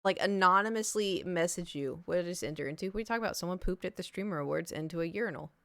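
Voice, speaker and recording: A young woman streamer telling a story to her live chat in a rambling, chatty way, full of "like" and quick laughs. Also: lowish voice, a bit bright, no room sound, clean studio sound. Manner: chatty, rambling, heavy use of "like", laughs easily.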